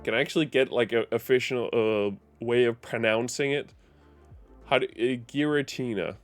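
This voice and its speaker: Rambling man streamer, smooth voice. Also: mid-range voice, moderate pace. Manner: rambling, self-correcting, chuckling. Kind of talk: casual live-stream chat. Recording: faint music behind.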